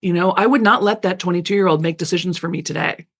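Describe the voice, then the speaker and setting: A middle-aged woman, an author appearing as a guest on a radio interview, talks quickly in a fairly bright voice that sits on the low side. She chats casually and with animation, laughing often and acting out little quoted voices.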